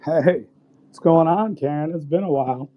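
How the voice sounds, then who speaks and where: A man's voice: fairly high pitch, moderate pace, lo-fi sound. A man, joining a casual chat as a guest and talking eagerly. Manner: eager, enthusiastic.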